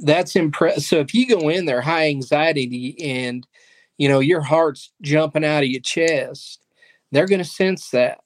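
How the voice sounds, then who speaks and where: A pastor and guest in a casual interview, speaking in an earnest, faith-driven storytelling way. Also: male voice, on the high side, unhurried, no echo. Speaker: pastor and ministry leader, guest.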